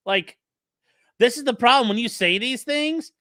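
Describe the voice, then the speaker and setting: High-voiced swearing male commentator. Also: moderate pace, sharp tone, dry recording, studio quality. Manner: mocking, swears constantly, mimics the lawyers. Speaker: host commenting on a livestreamed hearing. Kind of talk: casual profane commentary.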